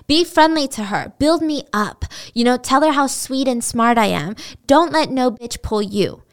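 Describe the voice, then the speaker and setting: A woman's voice: high-pitched, lively intonation, unhurried. A woman voicing a brash, crude young male pimp who talks with cold swagger. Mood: bossy.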